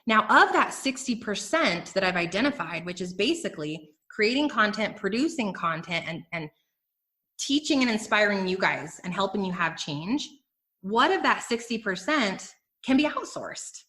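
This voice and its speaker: A woman hosting a business podcast, giving energetic, emphatic motivational talk straight to her listeners. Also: medium pitch, normal speed. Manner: energetic, emphatic, addresses listeners as "you guys". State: emotional, near tears. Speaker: podcast host and business coach.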